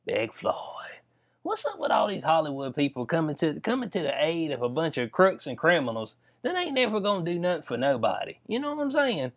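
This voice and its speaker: A man's voice: a little high, huge pitch swings, fast, hardly any pauses, lo-fi sound. A man giving casual, rambling commentary on news stories, full of slang and frequent laughter. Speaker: political commentary vlogger.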